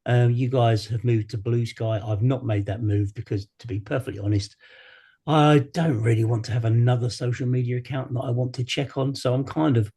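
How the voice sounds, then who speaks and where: A man's voice: medium pitch, gravelly, dark tone, husky. A man co-hosting a podcast, answering questions in a meandering way with many fillers. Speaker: podcast co-host. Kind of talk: casual podcast chat.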